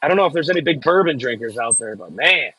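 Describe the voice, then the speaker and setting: Easygoing Midwestern man with a husky voice. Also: mid-range voice, animated, quick pace, pushed and bright, rough recording. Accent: Midwestern American. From Midwest United States. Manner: easygoing, chatty, jokey asides. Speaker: farm worker live-streaming from an excavator. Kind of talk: casual live-stream chat, reading viewer comments.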